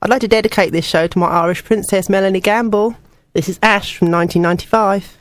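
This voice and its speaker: A woman's voice: medium pitch, fairly even intonation, fast talker. A young woman presenting a student radio music show, chatty and personal between songs.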